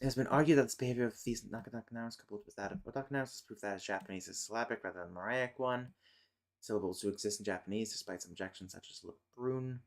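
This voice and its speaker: A man casually reading a linguistics text aloud on a stream, breaking off into exasperated, swearing rants. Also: lowish voice. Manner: swears, self-correcting. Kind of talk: casual live stream chat.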